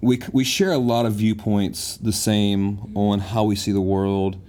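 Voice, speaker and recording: Man, very low voice, mellow tone, earnest, reflective, casual chat. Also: little pitch movement, a little slow. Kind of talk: casual conversation.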